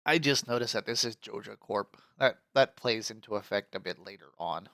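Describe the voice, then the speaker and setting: Laid-back gravelly-voiced gamer guy. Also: on the low side, moderate pace, a bit bright, no room sound, clean studio sound. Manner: casual, joking, swears freely, laughs often. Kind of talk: let's play commentary.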